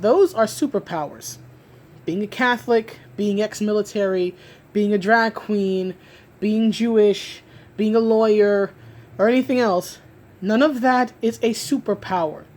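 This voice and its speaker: A woman's voice: mid-range voice, darkish tone, a little hiss or hum. A woman giving an emphatic solo rant about comics, restarting and repeating herself often as she argues her point. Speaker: comic book commentator.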